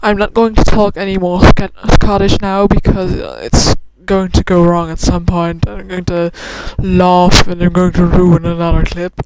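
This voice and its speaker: A woman's voice: lowish voice, little pitch movement, normal speed, hardly any pauses, very noisy. A woman who is a native Dutch speaker and has a cold rambles casually, trying out a Scottish accent and correcting herself often. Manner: rambling, self-correcting, many fillers. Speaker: club member vlogger.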